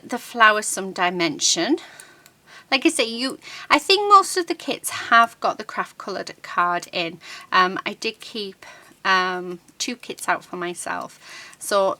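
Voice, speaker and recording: A woman with a bright, clear tone hosts a relaxed crafting tutorial from her desk. She takes her time and narrates each small step as her hands work. She chats along with frequent ums and half-finished words. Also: medium pitch, no echo. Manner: chatty, unhurried, many ums and restarts; talks while working with her hands.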